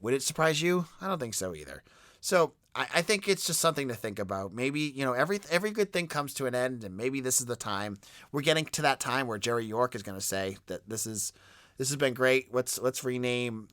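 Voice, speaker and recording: A man hosting a solo sports podcast, talking in an animated, rambling way with frequent restarts. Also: medium pitch, dry recording, studio quality. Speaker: podcast host.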